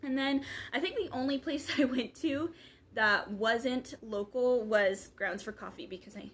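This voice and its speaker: A woman's voice: on the high side, measured pace. A young woman, chatting casually in a vlog, rambling with many fillers. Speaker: vlogger.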